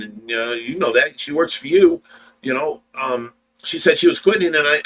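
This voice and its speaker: Bright-toned man telling a story. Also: medium pitch, poor audio. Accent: Ohio. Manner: rambling, repeats words, acts out dialogue. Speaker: livestream host. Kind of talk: casual storytelling.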